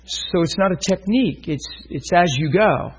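A high-voiced man preaches a sermon at a moderate pace, his voice slightly rough in a rough recording. He tells a story and acts out the voices of its characters when quoting them.

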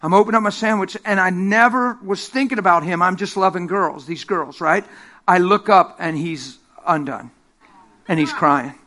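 A middle-aged man preaching a sermon, telling stories with lively energy, laughing and acting out the voices of the people in them. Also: high-pitched, normal speed. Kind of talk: sermon with storytelling. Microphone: handheld microphone.

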